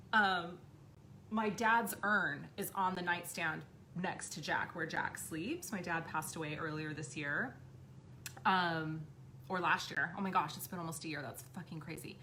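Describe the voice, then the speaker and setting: Bright-voiced woman telling a story, cursing casually. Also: on the low side, measured pace, slight background noise. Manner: chatty, swears freely, fillers like "like" and "right". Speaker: live stream host, spiritual medium. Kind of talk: casual storytelling on a live stream.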